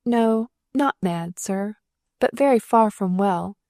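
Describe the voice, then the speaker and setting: A meek young nurse, voiced by a woman reading aloud, set higher than the reader's own voice. She speaks softly and falteringly, as if close to tears. Her voice sits close and dry, with no room around it. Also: measured pace, no room sound. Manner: faltering, timid.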